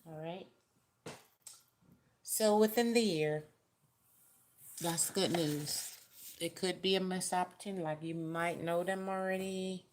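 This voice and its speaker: A woman's voice: lowish voice, a little mellow. A woman giving a casual, chatty tarot reading straight to the viewer, with folksy, direct advice. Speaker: tarot reader.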